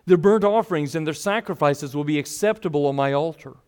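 A man preaching a sermon, reading scripture and voicing the people in the story with expressive shifts. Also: a little high, fairly quick, few pauses, clear, resonant tone.

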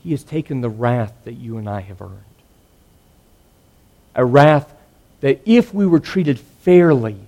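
A man preaching a sermon, earnest, swinging between loud emphatic lines and hushed ones. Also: medium pitch.

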